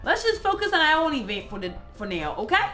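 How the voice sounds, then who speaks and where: A young woman co-hosting a casual game playthrough, reading narration aloud, often exasperated and quick to laugh. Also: high-pitched, big pitch swings, pushed and bright, faint music behind. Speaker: co-host, game reader.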